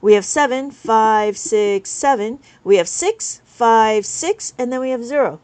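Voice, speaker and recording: A woman's voice: a little high, lively intonation, unhurried, a little mellow, clear, resonant tone. A woman teaching abacus math on a live stream, counting beads aloud patiently and chatting with her viewers between steps.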